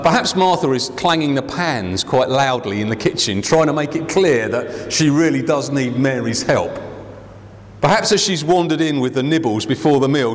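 A man preaching a sermon to his church, expressive, acting out the voices he quotes. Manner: expressive, acts out quoted voices with big pitch swings. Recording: hall reverb.

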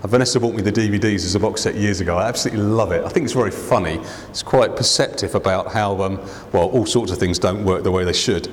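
A man preaching a sermon to his church, expressive, acting out the voices he quotes. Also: fast talker, hardly any pauses. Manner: expressive, acts out quoted voices with big pitch swings. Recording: hall reverb.

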